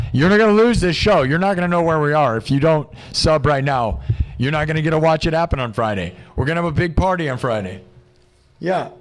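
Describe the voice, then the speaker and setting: A young man talks straight to his live audience in a loose, rambling way. He sounds excitable, his speaking voice sits a touch high, and he tosses in "dude" and "like" as he goes. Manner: reads out supporters' names in a quick list. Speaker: livestream host. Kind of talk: casual rambling livestream chat.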